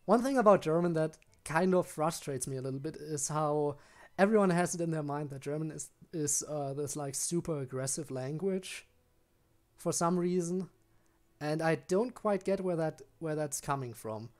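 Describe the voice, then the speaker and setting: A man's voice: fairly high pitch, normal speed. A young man chatting casually with his viewers while he streams a game. He rambles, often restarts his sentences and answers questions from chat.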